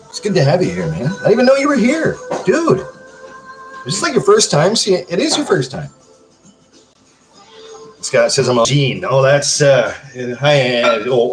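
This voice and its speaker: A man's voice: mid-range voice, very animated, normal speed, pauses often, music in the background. Male streamer, casual home live-stream chat, crude and joking with viewers.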